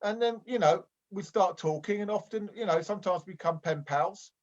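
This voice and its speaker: A man plays a lonely, well-meaning amateur boxer who rambles and stumbles through every thought. His voice sits high and earnest. The audio is dull and lo-fi, from a video call. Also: a little fast, close to an everyday voice. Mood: rambling. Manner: hesitant and rambling, full of restarts. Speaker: improv performer. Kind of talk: improvised comedy sketch.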